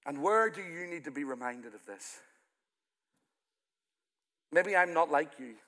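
A man from Ireland, the pastor of the church, preaching a sermon that swells loud in places and then falls to a quiet, intimate tone. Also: on the high side, expressive, a little slow. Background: soft music from the church band.

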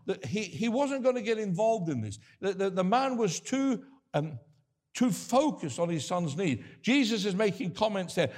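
A man's voice: sits high, very animated, normal speed, darkish tone. An older man preaching a sermon, earnest and conversational, often restarting his sentences.

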